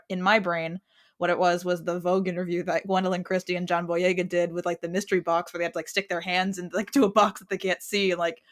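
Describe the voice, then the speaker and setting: A woman's voice: fairly low pitch, fairly bright tone. A woman co-hosting a casual TV recap podcast, explaining show lore in a chatty way with plenty of fillers. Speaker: podcast co-host.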